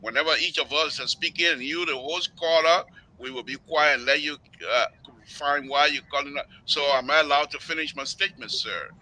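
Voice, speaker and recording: A man's voice: a little high, a little fast, sharp tone, poor audio. A man speaking as a guest on a political panel, earnest and politely insistent on finishing his point.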